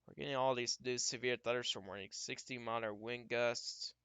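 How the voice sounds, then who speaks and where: Male storm-tracking streamer, casual think-aloud delivery, smooth bright tone. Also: mid-range voice, steady tone, normal speed, dry recording. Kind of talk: live weather commentary.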